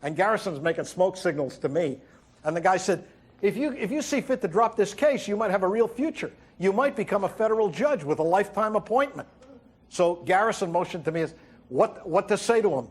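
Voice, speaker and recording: A man delivering a wry stand-up monologue as host, telling stories and acting out quotes with halting fillers. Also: sits high, expressive, husky. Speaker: comedian host. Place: TV studio with audience.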